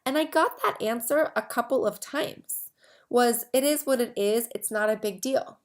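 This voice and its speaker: A woman's voice: a little high, moderate pace. A woman hosting her own advocacy podcast, talking casually to camera in a rambling way with many asides and restarts. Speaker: host of a herpes advocacy podcast.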